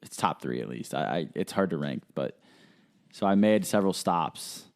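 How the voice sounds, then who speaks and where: A man's voice: moderate pace, vocal fry. A young man hosting a podcast, telling a story in casual chat and acting out the people he quotes. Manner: animated storyteller who acts out quotes in a higher voice. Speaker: podcast host.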